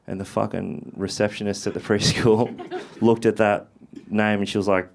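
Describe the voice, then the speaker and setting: A man, performing a stand-up comedy routine with profane, animated storytelling and shouted punchlines. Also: on the low side, moderate pace, very noisy. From Australia. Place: theatre stage with a live audience.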